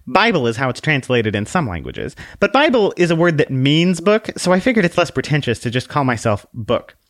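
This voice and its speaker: A man's voice: on the high side, big pitch swings, brisk, dry recording, clean studio sound, pitched above the performer's own voice. A man voicing a sassy, condescending little female book who lectures bluntly.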